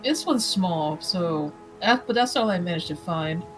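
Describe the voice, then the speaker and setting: A tabletop game player speaking softly. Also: medium pitch, lively intonation, unhurried, soft background music.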